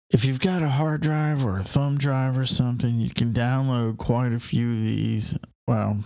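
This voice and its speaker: A man with a gravelly, mid-pitched voice rambles enthusiastically, stopping and restarting as he talks. The sound is close and dry, with no room echo. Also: warm tone. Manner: hesitant, many fillers and restarts, enthusiastic. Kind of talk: casual rambling monologue.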